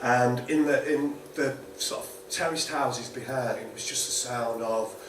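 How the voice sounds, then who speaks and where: A man introducing a song at a folk club, halting and repeating words as he talks, then singing. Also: mid-range voice, noisy background. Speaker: folk singer. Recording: echoey live room, distant mic, loud guitar.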